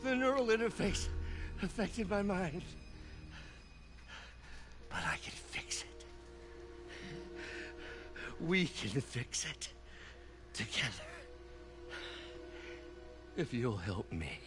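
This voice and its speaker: A desperate, unstable old scientist villain. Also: male voice, a little high, big pitch swings, slow pace, long pauses, music in the background. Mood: pleading. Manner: pleading, swinging between whispers and shouts.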